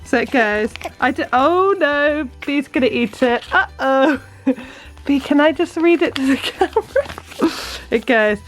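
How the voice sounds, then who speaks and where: Bubbly high-voiced woman vlogging. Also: animated, a little slow. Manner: bubbly, gushing, sing-song baby talk. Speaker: vlogger and new mother. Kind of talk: casual vlog chat.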